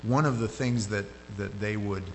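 A man's voice: on the low side, moderate pace. Guy preaching, chatty sermon, echoey hall w/ faint hum behind. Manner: conversational, rises sharply when animated. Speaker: pastor.

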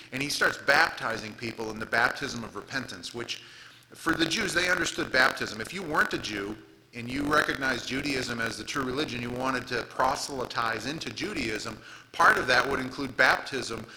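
A male pastor reads King James scripture aloud and casually retells Bible stories in everyday language during a conversational sermon. The audio is poor, and his mid-range voice is pushed and bright at a moderate pace.

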